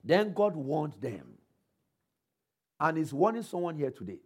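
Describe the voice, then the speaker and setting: A preacher with a slightly high, sing-song voice and a breathy edge leads a sermon. He draws on scripture, puts rhetorical questions to the congregation, and asks for responses, changing speed and loudness for emphasis.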